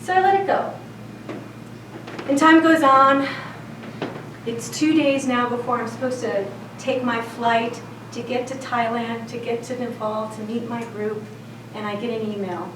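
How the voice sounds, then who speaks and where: Unhurried and a little high-pitched, a South Side Chicago woman shares a personal story at a storytelling event in a chatty, lively way, frequently laughing. A mic set at a distance in the roomy live venue picks up a noisy background.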